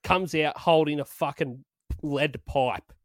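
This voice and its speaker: A man's voice: a little high, takes it slowly, very noisy. A man co-hosting a podcast, telling a story in casual chat, swearing and laughing often. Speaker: podcast co-host.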